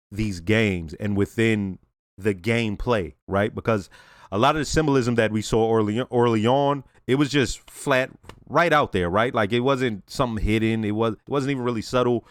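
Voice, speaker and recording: A man's voice: fairly low pitch, dry recording, clean studio sound. A man hosting a reaction video, talking casually in slang and laughing often as he comments.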